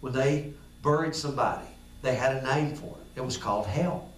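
A man's voice: medium pitch, fairly quick, a little hiss or hum. A man preaching a casual, conversational sermon, acting out little dialogues and repeating phrases for emphasis. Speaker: pastor. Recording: echoey room, far from the mic.

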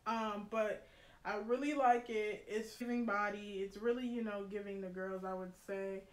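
A young woman vlogger chatting excitedly to her viewers, slangy, and quick to laugh. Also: mid-range voice. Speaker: beauty vlogger. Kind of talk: casual unboxing chat to viewers. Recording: roomy echo, faint noise.

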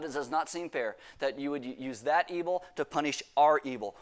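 Higher-voiced man preaching a sermon. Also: a bit bright. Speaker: pastor.

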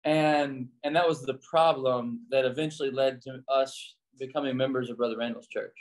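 A man's voice: mid-range voice, normal speed. A man, a pastor and former missionary, telling stories casually as an interview guest and acting out the dialogue in them. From United States. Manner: animated storyteller, acts out quoted dialogue in a raised voice.

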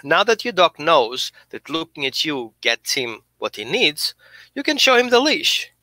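Animated man explaining dog training. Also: a little high, a little slow, no room sound. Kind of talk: instructional talk.

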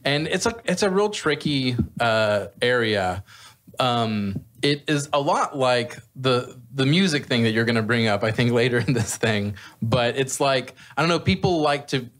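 A man's voice: medium pitch, expressive, unhurried, a bit bright. A man chatting as a podcast guest, rambling and restarting his sentences, laughing often. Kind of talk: casual chat.

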